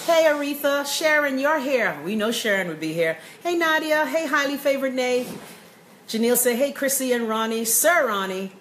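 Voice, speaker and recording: A woman's voice: high-pitched, expressive, normal speed, a bit bright. A woman with a Bahamian accent hosting a live-stream, chatty and upbeat, greeting viewers by name as she reads their comments. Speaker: host of a live show. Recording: echoey room with faint noise.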